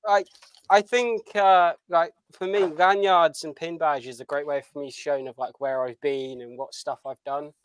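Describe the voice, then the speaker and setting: A man from the United Kingdom talks on a podcast, pausing often and circling back as he explains. His voice is a little high and sounds dry and close. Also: fairly even intonation, smooth, no echo. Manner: hesitant, many fillers. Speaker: podcast guest. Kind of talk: casual chat.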